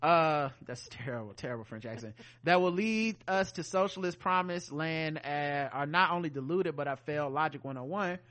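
Lively man reading listener mail. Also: on the high side, a little fast, few pauses. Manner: animated, joking asides while reading. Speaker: podcast co-host. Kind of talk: casual podcast chat reading listener mail.

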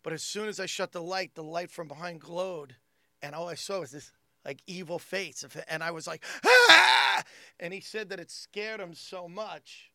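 A man with a high, gravelly voice tells family stories in a casual chat. His tone is bright and edgy, and the sound is close and dry. He lurches from muttering to loud, animated bursts as he acts out each person. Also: normal speed, no room sound. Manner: animated storyteller who acts out family members with big jumps in pitch and loudness. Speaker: podcast co-host telling family stories. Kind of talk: casual comedic storytelling.

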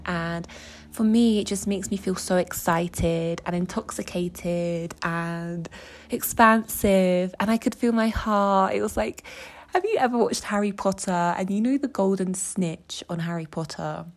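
A woman's voice: lowish voice, a little slow. A young woman from England telling a personal story in a chatty, emotional way, using "like" a lot. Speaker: vlogger.

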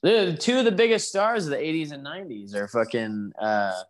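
A man's voice: a little high, brisk. A man co-hosting a podcast, casually joking and laughing while watching an old wrestling match. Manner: laid-back, laughing, profane banter. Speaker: podcast co-host.

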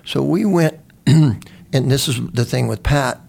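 An older man with a deeply gravelly, husky voice tells stories in a loose, rambling way. He restarts his sentences often and drops the odd swear word while he talks. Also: a little slow, darkish tone. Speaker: veteran guest. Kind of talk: conversational storytelling.

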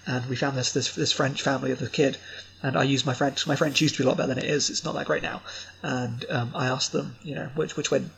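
A man co-hosting a film podcast, opinionated and animated, his voice jumping up in pitch when he rants. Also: fast, gravelly, slight background noise, low-quality recording. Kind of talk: casual film review chat.

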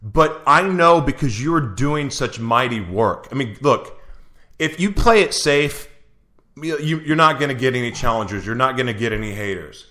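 A man's voice: mid-range voice, lively intonation, moderate pace, sharp tone. A man hosting an interview, asking earnest, searching questions with frequent restarts. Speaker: interview host. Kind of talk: conversational interview.

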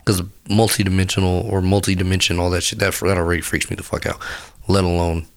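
Sick podcast guy w/ a sore throat, real low voice, swears nonstop and rambles. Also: little pitch movement, fast talker, creaky. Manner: crude, profane, meandering. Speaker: podcast host. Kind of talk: rambling casual monologue.

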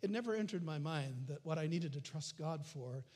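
A man preaching a sermon, animated, swinging from loud calls to hushed near-whispers. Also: fairly high pitch, moderate pace. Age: adult. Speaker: pastor.

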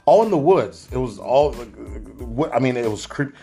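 A man's voice: medium pitch, moderate pace, soft background music. A man in his thirties co-hosting a casual chat show, telling stories with lots of swearing and acted-out voices. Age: 30s. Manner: animated, swears freely, acts out voices in stories. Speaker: podcast co-host.

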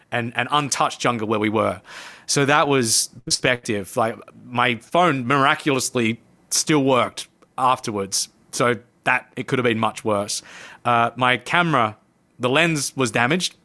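A man, a podcast guest, telling a personal story in animated conversation and acting out his own past lines. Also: mid-range voice. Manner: lively narrator who acts out his own past lines. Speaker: podcast guest, coach and speaker.

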